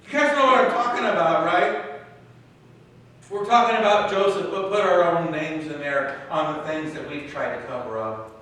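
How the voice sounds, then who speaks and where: Man preaching, high bright voice, slow delivery, echoey church from afar. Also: distant mic. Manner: dramatic storytelling, acting out scenes. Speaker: pastor. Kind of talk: sermon. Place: church sanctuary.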